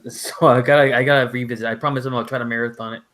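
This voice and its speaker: A man hosting a late-night stream in a mid-pitched, ordinary voice. He rambles, circling back with fillers and false starts. It sounds like a loose chat over a call. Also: fairly even intonation, rapid-fire, fairly bright tone, poor audio. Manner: rambling, full of fillers and restarts. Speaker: host. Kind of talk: casual chat on a live stream.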